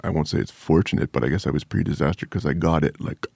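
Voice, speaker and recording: Man, very low voice, gravelly fry, dry close sound, blunt casual interview talk. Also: fast, darkish tone, no room sound. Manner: candid and blunt, with casual swearing. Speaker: actor guest.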